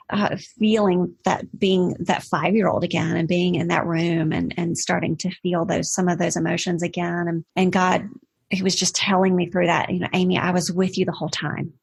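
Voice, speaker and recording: Gravelly, husky woman in her forties. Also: on the low side. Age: 40s. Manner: earnest and reflective. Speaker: podcast guest. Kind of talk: casual interview conversation.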